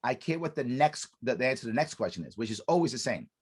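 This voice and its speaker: Animated man explaining on a podcast. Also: medium pitch, fast, husky. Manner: animated, acts out quoted dialogue; emphatic, repeats key points with restarts. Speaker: podcast guest, business consultant. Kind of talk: podcast interview, explaining a method.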